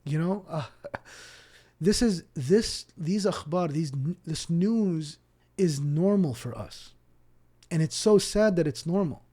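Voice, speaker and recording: A man from Palestine's West Bank, a guest on a podcast, telling stories in an animated way and acting out the people in them. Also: on the high side, slow pace, slightly rough. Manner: animated, acts out dialogue, repeats words when starting sentences. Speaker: podcast guest, Islamic teacher. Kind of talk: casual storytelling interview.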